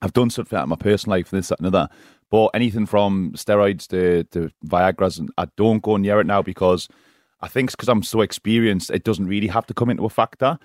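A man's voice: lowish voice, quick pace, darkish tone, no room sound, clean studio sound. A man being interviewed as a guest on a radio show, frank and rambling, often laughing and asking "do you know what I mean". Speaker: guest, professional escort. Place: radio studio.

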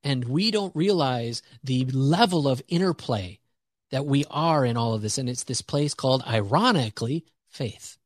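A man's voice: mid-range voice, expressive, normal speed, dry recording. Emphatic man giving a faith pep talk. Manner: preacher-like, emphatic, repeats phrases for rhythm. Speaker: podcast guest.

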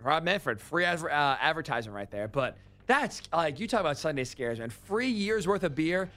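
A man's voice: on the high side, big pitch swings, moderate pace, pushed and bright. A man hosting a sports talk radio show, telling stories with incredulous, ranting energy.

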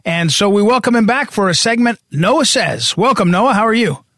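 A man hosting a talk radio show, talking fast and rambling with many fillers and restarts. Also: sits high, expressive, a bit bright, no room sound, studio quality. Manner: rapid, rambling delivery full of fillers and repeated starts. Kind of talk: casual talk radio chat.

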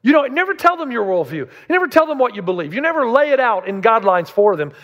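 A man's voice: very high voice, sing-song, fast talker, fairly bright tone, dull audio. A man preaching a sermon as a pastor, emphatic and full of rhetorical questions. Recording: long reverb of a large hall.

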